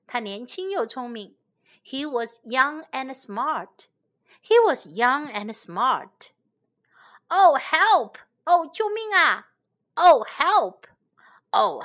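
A woman leads a bilingual English lesson for children, saying each phrase slowly and repeating it. Her voice is bright and a little higher than average. She keeps a steady, patient teaching rhythm. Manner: slow, repeating phrases for learners.

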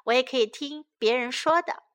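A woman reading a children's story aloud in English and Chinese, then slowly repeating key phrases for young learners. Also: high-pitched. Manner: slow, clear, lively, repeats each phrase. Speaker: bilingual children's story teacher. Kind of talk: reading a picture book and drilling phrases.

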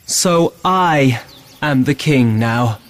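A man's voice: medium pitch, lively intonation, extremely slow, voice pushed up. A man voicing Ferdinand, an earnest, lovestruck young prince, for a storybook reading. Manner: earnest, emotive.

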